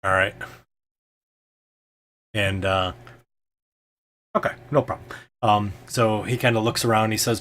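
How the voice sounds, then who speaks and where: A man's voice: on the low side, steady tone, unhurried, pauses often, a bit bright, slight background noise. A man narrating as game master of a tabletop game, casual and full of fillers.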